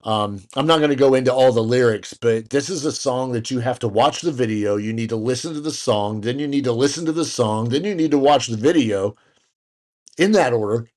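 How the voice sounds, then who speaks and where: A man's voice: mid-range voice, fairly quick, darkish tone. Rambling, joking male podcast host. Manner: rambling, lots of fillers and restarts, jokey asides. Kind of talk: casual chat.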